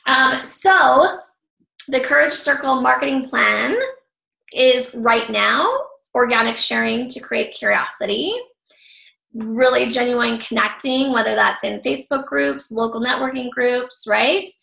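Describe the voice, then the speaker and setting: A woman's voice: a little high, steady tone, unhurried, gravelly, bright, forceful tone. A woman leading an online training call for her group, upbeat and encouraging with loose fillers, her voice a little worn. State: slightly losing her voice. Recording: echoey room.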